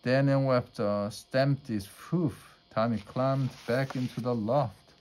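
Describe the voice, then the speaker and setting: A man reading a children's storybook aloud at a measured pace. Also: medium pitch, fairly even intonation, a little mellow. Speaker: storybook reader.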